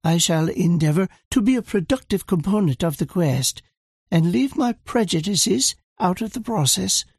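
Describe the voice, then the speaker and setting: A man's voice: high-pitched, lively intonation, normal speed, breathy edge, no room sound, studio quality, full character voice. Man doing a stern teenage French girl warrior. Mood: solemn. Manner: formal, clipped and unsmiling.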